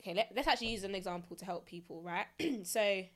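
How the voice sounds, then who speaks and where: A woman podcast host in a casual chat, talking quickly and animatedly. Her voice sits in a middle register, and her lines run together at a brisk, eager pace. She laughs easily as she works through her thoughts. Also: mid-range voice, lively intonation.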